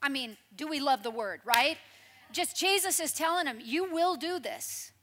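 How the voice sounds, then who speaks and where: A woman preaching a sermon in a lively, conversational storytelling way, with frequent asides to the congregation. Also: high voice, moderate pace, slight background noise.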